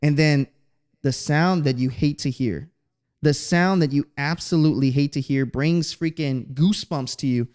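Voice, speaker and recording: Speaking at normal speed in a fairly high voice, a Texan man hosts a podcast and spins stories in a monologue. His manner is animated, casual, loaded with slang and profanity.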